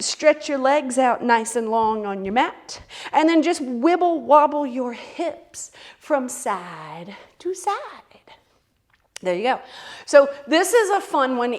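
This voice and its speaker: Playful, high-voiced woman yoga teacher. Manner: playful, encouraging, cues movements. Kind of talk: kids' yoga class instruction.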